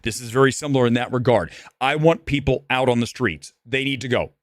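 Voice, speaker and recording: A man's voice: mid-range voice, a little fast, no room sound. Man, furious film reviewer, ranting and repeating himself, dry close sound. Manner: angry, ranting, repetitive. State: shaking with anger. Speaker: movie reviewer. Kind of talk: live film review rant.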